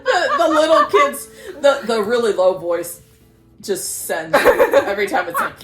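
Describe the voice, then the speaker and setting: A young woman joining a casual comedic chat about a film, laughing often and chiming in with quick jokes. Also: a little high, very animated, echoey room, faint music behind. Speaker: co-host retelling a film.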